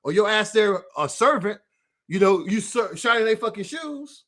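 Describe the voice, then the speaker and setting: High-voiced man ranting, profane and heated. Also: lively intonation, moderate pace, fairly bright tone. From United States. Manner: addresses an absent rival directly. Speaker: political commentary host. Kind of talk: livestream rant.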